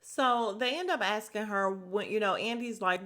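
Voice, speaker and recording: A woman's voice: medium pitch, moderate pace, hardly any pauses, fairly bright tone. A woman hosting a podcast, chatting casually and gossipily as she recaps a show and acts out the quotes.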